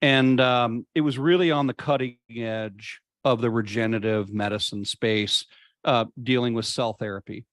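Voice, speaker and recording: A man of middle pitch talks as an interview guest. He is earnest and reflective and drags out words when he wants them to land. The sound is dry and close, with no room echo. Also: fairly even intonation. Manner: earnest, reflective, slows down to stress points. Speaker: podcast guest. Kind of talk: conversational interview storytelling.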